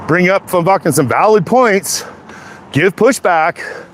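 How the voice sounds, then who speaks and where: A man's voice: sits high, animated, slow pace, fairly bright tone. Heated, cursing Canadian man. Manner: profane, heated, repetitive. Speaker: vlogger. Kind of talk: angry political rant.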